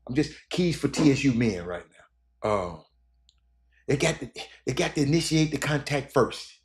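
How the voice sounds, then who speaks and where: A man's voice: mid-range voice, lively intonation, normal speed. A middle-aged man, talking casually to viewers as a sports host, rambling with lots of fillers and restarts. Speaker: sports broadcaster and show host. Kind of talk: casual live-stream chat with viewers.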